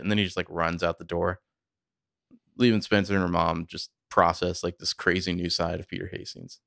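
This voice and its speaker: A man with a very low, gravelly voice recaps a TV episode for a podcast. He narrates the scenes casually, full of fillers. The sound is dry and close. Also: fairly quick, dry recording. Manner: conversational, filler-heavy, animated storytelling. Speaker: podcast co-host.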